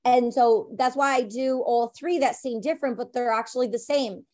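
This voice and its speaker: A woman's voice: on the high side, fairly even intonation, normal speed, a little mellow. A woman actress being interviewed about her film career, talking in a chatty, enthusiastic way full of "like" and "you know". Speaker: actress guest. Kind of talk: conversational interview.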